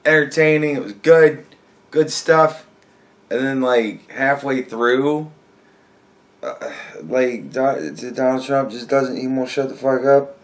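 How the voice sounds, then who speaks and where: A man rambles through a casual reaction rant at his desk, swearing freely and sounding worn out. His voice sits in an ordinary middle pitch. He often breaks into laughter. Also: slow. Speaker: commentary vlogger.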